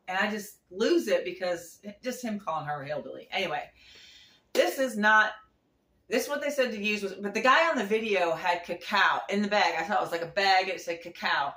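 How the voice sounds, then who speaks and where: A woman's voice: medium pitch, lively intonation, fairly quick, a bit bright, roomy sound. A woman chatting casually through a home recipe demo, rambling with frequent restarts and little laughs. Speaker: home cooking vlogger. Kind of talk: casual kitchen demo chat. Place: home kitchen.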